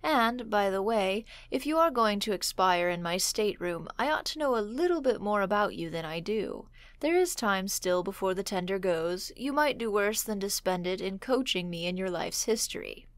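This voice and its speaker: A woman voicing a dry, practical young male traveler in a storybook reading, wry and measured. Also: medium pitch, lively intonation, no echo, lightly acted.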